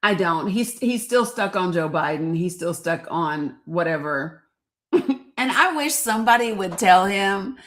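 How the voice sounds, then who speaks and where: A woman's voice: on the low side, lively intonation, a little slow, a bit bright. A middle-aged woman hosting a live stream, talking bluntly and sarcastically and swearing freely as she greets her viewers. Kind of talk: casual political commentary stream.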